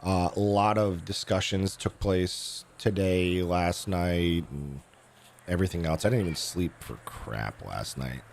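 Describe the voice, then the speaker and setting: Hoarse low-voiced male streamer. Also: a little slow, a little mellow, slight background noise. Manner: rambling, with many fillers and restarts. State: hoarse, losing his voice. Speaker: game streamer. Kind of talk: casual live-stream chat.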